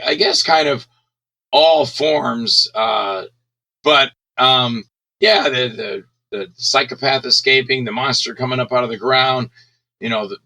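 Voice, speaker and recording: A middle-aged man, a guest filmmaker, talking in a rambling, animated way in a casual interview. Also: mid-range voice, low-quality recording. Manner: rambling, animated, acts out scenes with shouts.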